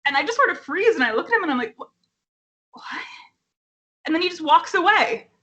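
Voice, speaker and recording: A young woman telling a personal story casually at home, animated and swearing, with plenty of fillers. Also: very high-pitched, racing, highs cut off.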